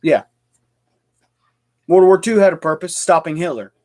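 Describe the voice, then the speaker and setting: Young man with a high voice, heated livestream rant, fired up and tripping over his words. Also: animated, normal speed, a little mellow. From United States. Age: young adult. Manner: fired-up, repetitive, stumbling restarts. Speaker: livestream host.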